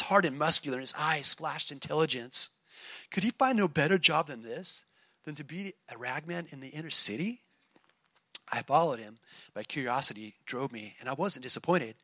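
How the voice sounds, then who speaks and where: A man preaching a heartfelt sermon and reading a story aloud, speaking earnestly and softly. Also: a little high, expressive, normal speed, no echo. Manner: earnest and heartfelt, soft-spoken. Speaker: pastor.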